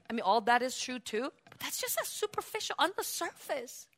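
A woman pastor preaching a sermon, dropping to quiet explaining and then rising into loud, high preaching, asking the congregation questions and calling for amens. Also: big pitch swings, brisk, few pauses.

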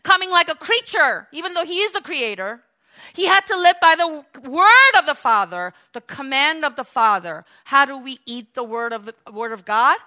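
This woman's sermon is lively: she dramatizes quotes and alternates loud exclamations with quiet asides. She speaks high-pitched at a moderate pace.

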